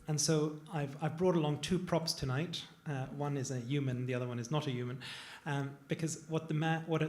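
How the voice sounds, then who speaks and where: A man's voice: on the high side, a little mellow, slight background noise. A man, a plastic surgeon, talking casually on a panel to a live audience, digressive and self-deprecating. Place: event room with an audience.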